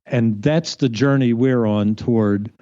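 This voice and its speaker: Mellow-voiced man, slightly muffled recording. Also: mid-range voice, measured pace, dry recording. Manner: thoughtful, storytelling. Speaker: podcast co-host. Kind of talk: reflective faith podcast chat.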